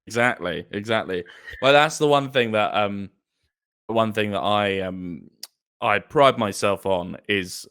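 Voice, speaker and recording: Bright-voiced young man, casual and animated. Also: fairly low pitch, unhurried, smooth. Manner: animated, casual, swears freely. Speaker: guest, D&D player. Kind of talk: casual podcast chat.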